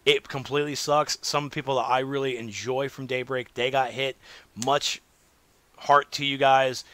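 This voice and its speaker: A man hosting a casual solo gaming podcast, rambling and animated, swinging between loud remarks and muttered asides. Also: medium pitch, moderate pace, no echo. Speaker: podcast host.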